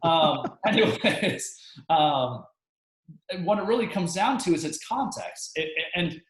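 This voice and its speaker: A man's voice: on the high side, a little slow. Man coaching in an echoey room. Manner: relaxed, filler-heavy, laughs easily. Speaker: real estate coach co-hosting a webinar. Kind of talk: casual webinar chat.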